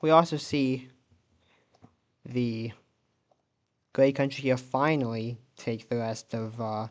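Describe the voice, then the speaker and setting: Speaking slowly at a normal mid pitch, a man gives loose, conversational commentary on his alternate-history map video. He pauses a lot, muses aloud, and breaks off to puzzle over strange details or fix his own mistakes before moving on. The tone is steady and the recording's highs are cut off.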